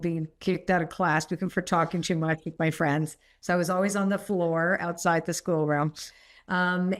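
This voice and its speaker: A middle-aged woman, a podcast guest, telling personal stories in a rambling, animated way and laughing often. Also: on the low side. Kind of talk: candid storytelling interview.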